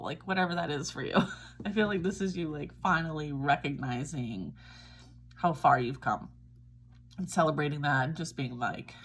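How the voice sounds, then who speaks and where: A woman's voice: deep voice, normal speed, fairly bright tone. A woman giving a casual tarot reading, chatty and reassuring, often checking in with "all right?". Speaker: tarot reader.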